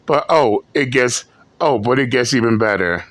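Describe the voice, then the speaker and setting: A man hosting reaction commentary in a blunt, mocking, deliberate way. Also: mid-range voice, animated, fairly bright tone, dry recording. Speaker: commentary host.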